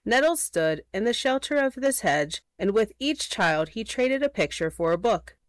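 A woman narrating a children's storybook aloud in an expressive, playful way. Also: medium pitch, normal speed, dry recording.

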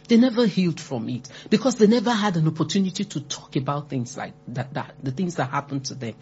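A woman's voice: on the low side, dark tone, slightly rough. A woman giving earnest, emphatic advice on supporting grieving people, repeating key words and acting out quoted remarks. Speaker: speaker on grief support. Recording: dull lo-fi recording.

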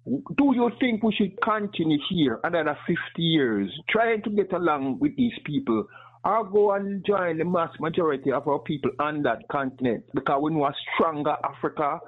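A man's voice: a little high, expressive, normal speed, slightly rough. A man calling in to a talk show, speaking in an impassioned, emphatic, conversational way. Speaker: caller. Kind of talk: call-in question to a talk show. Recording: tinny phone line.

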